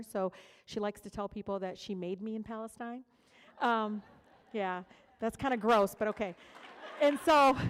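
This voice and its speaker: In a large hall with a long reverb, a middle-aged Detroit woman gives a keynote in a clear, resonant, mid-range voice. She shares personal stories candidly and conversationally, sprinkling in fillers and asides.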